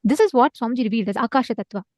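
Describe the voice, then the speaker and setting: Woman, Indian English accent, high voice, quick earnest delivery, dry close sound, online spiritual teacher. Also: darkish tone, no echo. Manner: earnest, urging the audience to respond.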